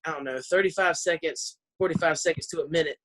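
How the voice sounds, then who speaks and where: Her voice sits low and moves fast as she works through a loud, foul-mouthed stand-up bit with a Southern US accent. She's at home on a video call using her computer mic, ranting and laughing between lines.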